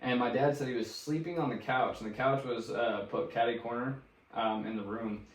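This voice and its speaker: A young adult man, co-host of a casual podcast, telling a spooky story in a relaxed, swearing, filler-heavy way. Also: mid-range voice, normal speed. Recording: roomy sound, distant from the mic.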